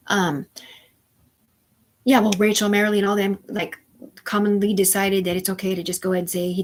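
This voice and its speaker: A woman's voice: medium pitch, level tone, normal speed. A woman hosting a live stream, talking in a rambling, profane monologue that jumps from topic to topic. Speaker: livestream host.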